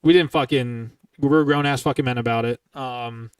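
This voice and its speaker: A man's voice: medium pitch, steady tone, moderate pace, smooth, dry recording. A man in his twenties hosting a podcast, telling a long story in casual, heavily profane, rambling chat. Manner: profane, heated, rambling retelling. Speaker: podcast host. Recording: dry, somewhat distant from the mic.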